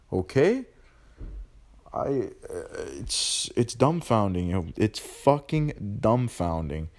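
A man's voice: lowish voice, slow pace. A young man hosting a podcast, ranting bluntly in profane street slang. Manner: animated, ranting. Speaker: podcast host. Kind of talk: casual monologue.

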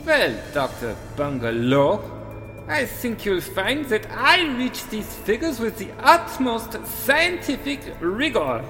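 A man's voice: high voice, sing-song, takes it slowly, sharp tone, in a large hall, soft background music, exaggerated voice. A man playing a pompous heart surgeon. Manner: haughty, pompous lecturing. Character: pompous Swiss male surgeon, middle-aged, easily offended.

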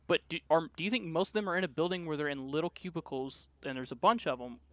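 A man's voice: on the high side, fast talker, dry recording. A man co-hosting a casual podcast, rambling through a story with lots of fillers. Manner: rambling, full of "like" and restarts. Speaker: podcast co-host. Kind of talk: casual chat.

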